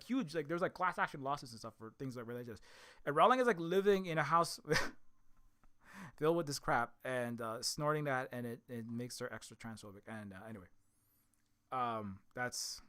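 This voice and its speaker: A man giving a rambling, scornful opinion commentary, talking in an animated way and often restarting and repeating words. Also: on the high side. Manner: scornful, mocking. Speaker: commentary video host.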